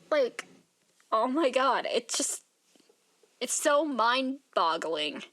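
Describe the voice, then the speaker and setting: A tired young woman rambles through a casual vlog chat, leaning on "like" in nearly every phrase. Her voice sits a little high, and she sounds worn out and sleepy. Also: very animated, extremely slow, fairly bright tone. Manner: rambling, filler-heavy, says "like" constantly. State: tired, yawning. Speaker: art vlogger.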